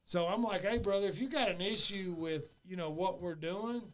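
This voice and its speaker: A man's voice: high-pitched, normal speed. A man, a former wrestler, trading profane stories in casual chat and acting out the voices of the people in them. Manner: profane, laughing storyteller who acts out voices.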